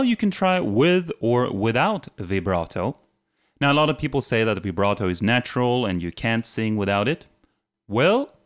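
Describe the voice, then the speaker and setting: A man teaching a casual singing lesson who breaks into short sung example phrases between his explanations, with faint music playing behind him. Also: fairly low pitch. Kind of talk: casual video vocal lesson.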